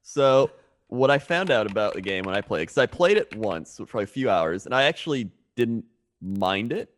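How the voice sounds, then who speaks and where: A man's voice: fairly low pitch, lively intonation, moderate pace. A man on a podcast chatting casually in a laid-back way, often laughing mid-sentence. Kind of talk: casual chat.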